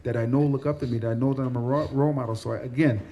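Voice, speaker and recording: Fast-talking, mellow-voiced man. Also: mid-range voice, fairly even intonation, dull audio, slight background noise. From Central New York. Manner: earnest, repeats words while thinking. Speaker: guest, former football player. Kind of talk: casual interview talk. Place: cafe.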